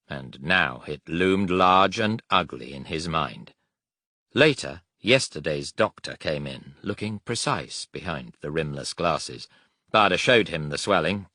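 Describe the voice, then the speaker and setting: A man reading a war audiobook in a measured, steady narration. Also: a bass voice, no echo, clean studio sound.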